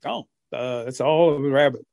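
A man who is a storyteller, telling folk tales in an animated way during an interview. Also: medium pitch, moderate pace, creaky, dry recording.

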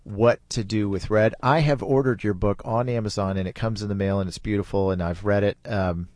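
Middle-aged guy with a lowish voice, laid-back chatty storytelling, super dry close mic. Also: a little fast, no echo. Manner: relaxed, chatty, laughs easily. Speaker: podcast host. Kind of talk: casual storytelling.

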